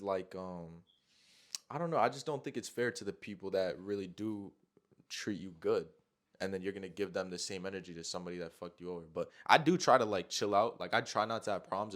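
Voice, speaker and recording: A man's voice: low-pitched, quick pace. A man hosting a casual podcast chat, talking loosely with lots of slang, cursing and "like" fillers. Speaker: podcast host.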